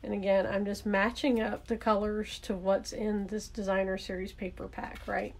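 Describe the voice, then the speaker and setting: A woman with a Southern accent walks viewers through making a handmade card in a relaxed, chatty way. She narrates each step as she works, pausing to fix things and correct herself. Her mid-pitched voice has a slightly gravelly texture. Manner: chatty, thinks aloud while working, self-correcting. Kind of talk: casual craft demonstration.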